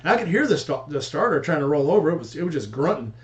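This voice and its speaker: A man in casual chat who works on motorcycles as a hobby, telling his stories rapidly and acting out what each person said. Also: a little high, big pitch swings, highs cut off. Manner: rapid storyteller acting out dialogue.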